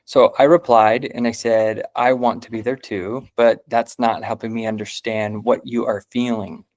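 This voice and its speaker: A man's voice: mid-range voice, flat delivery, normal speed, darkish tone. A man who is a parent teaches about body sensations, telling a story in a loose, casual way with many fillers. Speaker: trauma healing teacher.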